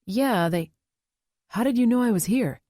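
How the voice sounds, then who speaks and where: A woman's voice: fairly high pitch, expressive, moderate pace, mellow, no echo, clean studio sound, voice pushed up. A woman voicing a frustrated, defiant young father who speaks in short, clipped lines. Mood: tense, frustrated.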